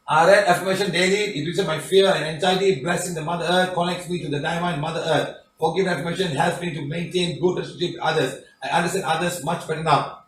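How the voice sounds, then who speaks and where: Man, high-pitched, emphatic and repetitive, spiritual teacher reading testimonials, roomy echo, off-mic. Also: fairly bright tone, far from the mic. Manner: emphatic, repetitive, tag questions like "okay?" and "huh?". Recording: roomy, off-mic, faint background noise.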